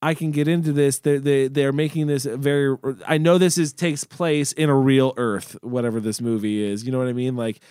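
A man talking casually about a movie on a podcast, animated and swearing freely, acting out quotes. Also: mid-range voice, moderate pace, few pauses, clear, resonant tone, no echo, studio quality. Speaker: podcast co-host.

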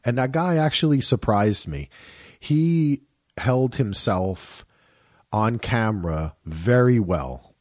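A man's voice: medium pitch, slow, no echo, clean studio sound. A man co-hosting a podcast, chatting casually and animatedly about a reality show, often laughing. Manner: animated, laughs, mimics people in quoted bits. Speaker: podcast co-host. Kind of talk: casual chat.

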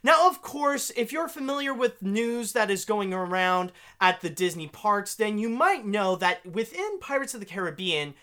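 A woman hosting an animation news podcast, chatty and animated, with gushing emphasis. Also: medium pitch, moderate pace, few pauses. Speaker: podcast host.

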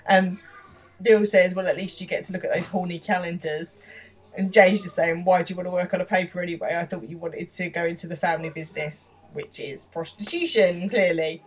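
A woman's voice: fairly low pitch, slightly rough, distant mic, poor audio. A woman co-hosting a podcast, chatting casually through an episode recap and laughing often as she retells scenes. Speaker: podcast co-host.

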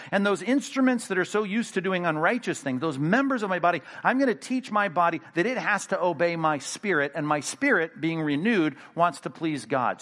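Male pastor, emphatic and animated sermon delivery, fairly high-pitched voice. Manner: animated, emphatic preaching with sudden loud bursts.

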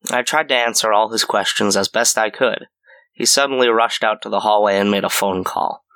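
A man narrating a scripted horror story in a measured storytelling way. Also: on the low side, sharp tone.

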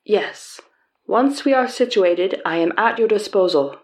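A woman's voice: mid-range voice, animated, unhurried, darkish tone, natural voice. A woman reading aloud and voicing a polite young Southeast Asian male translator, in a put-on Southeast Asian accent and formal phrasing. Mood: courteous.

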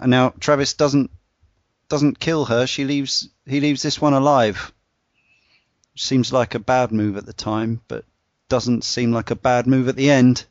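A man's voice: mid-range voice, no echo. Man chatting loosely on a dull, dry podcast. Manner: relaxed, rambling, frequent "uh" fillers. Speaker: podcast panelist walking through game bosses. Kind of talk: casual podcast discussion.

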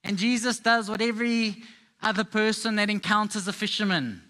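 A man's voice: high voice, moderate pace, pushed and bright. A man preaching a sermon to a live congregation, telling Bible stories in a playful, conversational way. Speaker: pastor.

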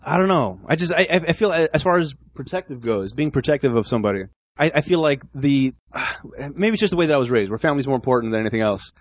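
Fast-talking man telling a story. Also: medium pitch, lively intonation. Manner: laughing storyteller, steers the conversation with questions. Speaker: podcast co-host. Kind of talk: casual chat.

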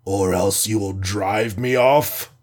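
A man voicing a cold, menacing male alien conqueror in a storybook reading, speaking slowly and gravely. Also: medium pitch. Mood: scornful. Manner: slow, grave and threatening.

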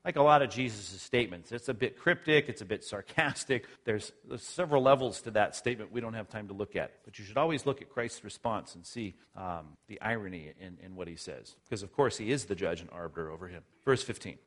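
A man preaching a sermon as a pastor, explaining scripture earnestly, sometimes loud and sometimes soft. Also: lowish voice, expressive, a little fast, few pauses.

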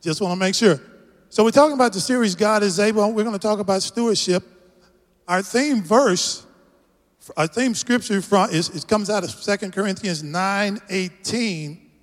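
Texan preacher in a ringing church hall. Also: male voice, sits high, normal speed. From Texas. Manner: rousing, call-and-response with the congregation. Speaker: guest pastor. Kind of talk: sermon. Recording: long church hall reverb.

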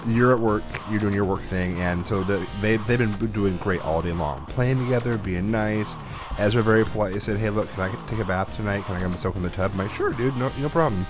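Low-voiced dad telling a story. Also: male voice. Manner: animated storyteller, acts out quotes. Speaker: podcast co-host, father. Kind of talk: casual storytelling chat.

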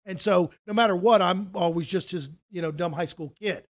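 A man's voice: sits high, moderate pace. A middle-aged man, a financial advisor, telling a story in casual conversation, rambling with many restarts and acting out quoted dialogue.

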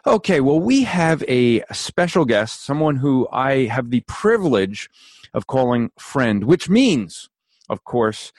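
A man's voice: medium pitch, sing-song, slow, no room sound. A man hosting a casual chat, teasing his guest and laughing often. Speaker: host.

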